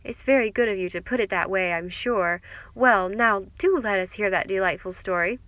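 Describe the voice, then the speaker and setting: A woman's voice: medium pitch, moderate pace, a bit bright, no echo, lightly acted. A woman voicing a gushing, snobbish society mother who talks in an affected, effusive way.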